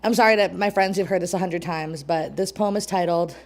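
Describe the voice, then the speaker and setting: A woman's voice: lowish voice, steady tone, fairly quick. A young woman, a poet and co-host, reading at an open mic in a small community venue. She sounds out of breath and nervous, with chatty laughing asides. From New York State.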